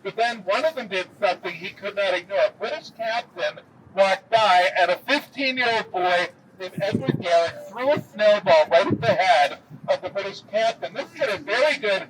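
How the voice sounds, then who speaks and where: A man giving a historical walking tour, telling the story with lively pacing and dry jokes. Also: high-pitched, normal speed. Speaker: tour guide. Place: outdoors in a city square. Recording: distant camera mic, faint street noise.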